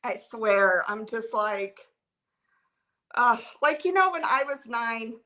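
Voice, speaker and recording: A woman in her thirties chats on a casual livestream and reacts to viewer comments. Her voice is bright and edgy and sits slightly high. She talks in a flustered, rambling way, with filler words piling up between thoughts. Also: expressive, slow. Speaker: livestream host.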